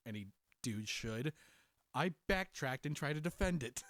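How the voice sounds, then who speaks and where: Guy cohosting a podcast, lively up-and-down voice, laughs a lot, dry close mic. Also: on the high side, slow pace, long pauses, no echo. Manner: animated storyteller, laughs often. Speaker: podcast co-host. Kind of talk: casual chat.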